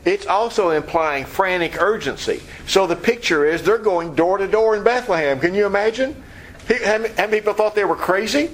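Animated man teaching from scripture. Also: sits high, fairly quick, poor audio. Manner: animated, acts out scenes. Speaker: pastor. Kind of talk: expository Bible teaching.

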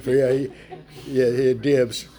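A man leading a casual group Bible study, chatty and animated, laughing often as he retells the story. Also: medium pitch, unhurried, a crowd in the background.

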